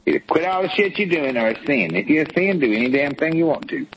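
A man's voice: fairly high pitch, lively intonation, quick pace, few pauses, fairly bright tone, slight background noise, poor audio. Profane, scolding man ranting on a talk show. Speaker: co-host. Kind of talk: blunt tough-love talk show rant.

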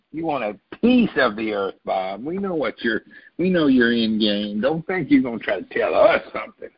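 A man giving his political opinions in a casual talk-show chat, rambling and emphatic, even spelling out words to make a point. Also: mid-range voice, normal speed, gravelly, husky, muffled recording. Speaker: political commentator.

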